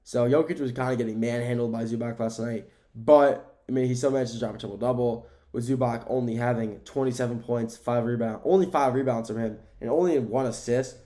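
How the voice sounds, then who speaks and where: A young man from the United States hosts his own sports podcast in loose, casual talk. His voice sits at a middle pitch, and he rambles and restarts his sentences. He repeats his points and gets fired up over the game stats. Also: brisk, few pauses. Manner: rambling, repeats himself, many fillers and restarts; grows excited when talking about the game. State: sleepy, keeps yawning. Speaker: podcast host.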